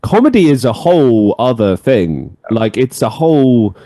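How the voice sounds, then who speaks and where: A man's voice: mid-range voice, a little slow, dry recording, studio quality. A man hosting a podcast, telling stories in casual chat with plenty of swearing and laughter. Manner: animated storyteller, swears freely, laughs often. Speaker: podcast host.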